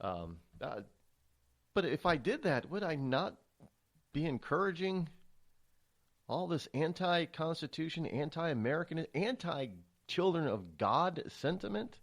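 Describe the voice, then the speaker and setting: Male radio host, solo monologue, rambling and stammery, lively pitch that swings up and down. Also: a little slow. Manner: rambling, with frequent restarts and stammers; animated, emphatic delivery.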